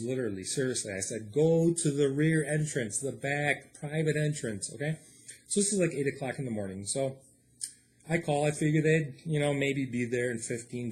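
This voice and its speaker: A man with a mid-range voice vlogs a personal story in a casual, animated way. He acts out his own quotes and laughs often.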